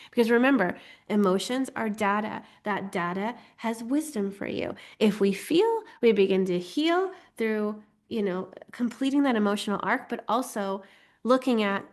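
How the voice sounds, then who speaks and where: A woman's voice: medium pitch, a little slow. A woman teaching a casual, chatty class on astrology and human design, often acting out inner voices.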